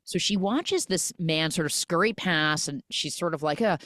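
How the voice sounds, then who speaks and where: A woman hosts a podcast and talks in a low voice, recapping a film in casual, animated chat. She switches into quick little voices for the people she quotes. The sound is dry and close. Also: no room sound. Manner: animated storytelling, acts out quoted lines. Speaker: podcast host.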